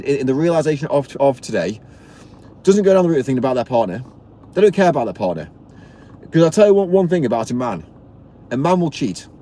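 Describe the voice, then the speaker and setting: A man's voice: fairly high pitch, dark tone, a little hiss or hum. A man ranting bluntly on a live stream, preachy and swearing, stumbling and repeating words as he goes. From Britain.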